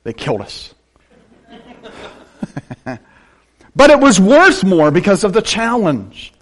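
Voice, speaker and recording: An older man from western Pennsylvania, preaching a sermon with animated delivery and joking asides. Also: high-pitched, takes it slowly. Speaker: pastor.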